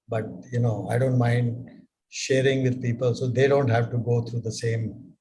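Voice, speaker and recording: An older man giving business advice in a live mentorship session, speaking in a measured way with many rhetorical questions. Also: mid-range voice, flat delivery, warm tone, slight background noise, rough recording.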